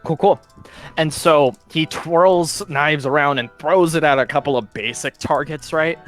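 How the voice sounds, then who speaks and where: A man's voice: a little high, unhurried. A man running a tabletop game over voice chat, narrating in a loose, rambling way with plenty of ums and "such like that." He is casual and conversational, with faint music underneath. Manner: casual and meandering, full of fillers and "such like that". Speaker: game master.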